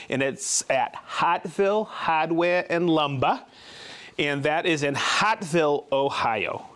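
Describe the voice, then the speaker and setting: A man hosting a live tool show, chatty and informal, demonstrating gear and reading out viewers' names and hometowns. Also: high voice. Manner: informal, with restarts and asides. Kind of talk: live product demo and viewer shout-outs.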